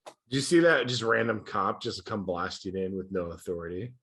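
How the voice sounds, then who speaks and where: A man's voice: lowish voice, animated, normal speed, fairly bright tone. A man co-hosting a podcast, chatting casually with a wry, joking manner. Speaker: podcast co-host. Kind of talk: casual chat.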